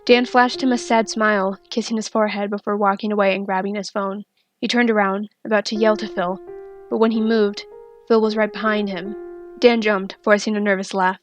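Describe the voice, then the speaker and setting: Soft-spoken woman reading fanfiction aloud. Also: mid-range voice, flat delivery, fairly quick, soft background music. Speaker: fanfiction reader. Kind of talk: storybook narration.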